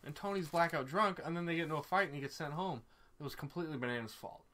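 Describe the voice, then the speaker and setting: Bright-voiced excitable male podcaster. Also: a little high, fast talker. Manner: excitable, profane, gossipy. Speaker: podcast co-host. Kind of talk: casual reality-TV recap chat.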